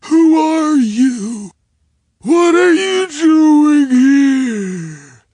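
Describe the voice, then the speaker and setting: A wild, unhinged drunken janitor, as a male reader puts him on, shrieking high and hard as if yelling from across a yard. His snarls come out raw and strained, with no warmth in them. The recording itself stays close and dry. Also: lively intonation, very slow, no echo, full character voice. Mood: panicked shouting.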